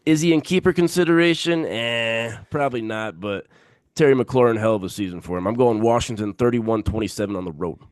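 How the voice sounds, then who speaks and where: A man's voice: medium pitch, brisk, no room sound, clean studio sound. A man co-hosting a sports podcast in casual banter, emphatic and repeating his picks for effect.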